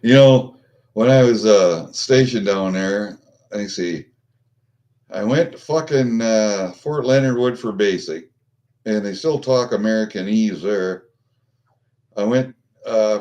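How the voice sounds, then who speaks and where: This middle-aged vlogger talks slowly to his live viewers, pausing often, his voice fairly low and darkish in tone. His chat is casual and rambling, peppered with swearing, fillers, and false starts.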